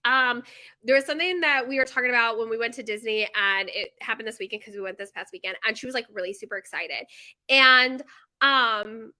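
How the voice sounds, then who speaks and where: A woman in her thirties talks straight to camera about her bakery, chatty and animated, drifting off on tangents and padding her sentences with fillers. Her voice sits high and sounds bright and crisp. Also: a little fast. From United States. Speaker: bakery owner. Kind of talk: casual chat to camera.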